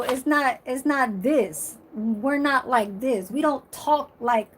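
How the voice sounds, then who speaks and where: Woman vlogger in her forties, blunt and profane, unhurried delivery. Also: high voice, a little hiss or hum. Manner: blunt, emphatic, profane, laughs loudly. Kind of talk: casual monologue to camera.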